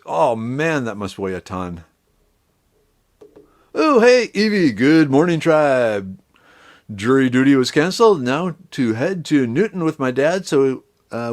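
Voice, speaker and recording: A middle-aged man in a mid-range voice keeps up easygoing, rambling talk on his live stream. He greets the viewers by name as he chats.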